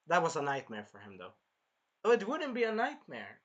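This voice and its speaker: A man hosting a casual anime episode review, rambling and sidetracking, often apologizing and clearing his throat. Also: fairly high pitch, wildly swooping pitch, brisk, lo-fi sound. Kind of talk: casual chat recapping an episode.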